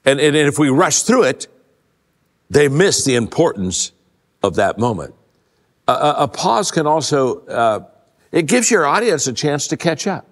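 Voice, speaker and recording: A man's voice: very animated, a little slow. Older guy telling stories at a leadership talk, lots of restarts, echo from a big hall. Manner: folksy storyteller, many stammered restarts, drops low for emphasis. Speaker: leadership speaker. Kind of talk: conversational keynote talk to a live audience. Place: large event hall. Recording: long hall reverb.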